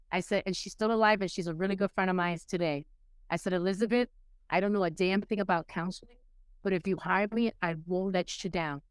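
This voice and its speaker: A middle-aged woman from Puerto Rico, raised in New York City, telling her life story as a podcast guest in a lively way, acting out the people she quotes. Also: clean tone, no room sound. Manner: animated, acts out quoted people with rising pitch. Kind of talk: casual storytelling interview.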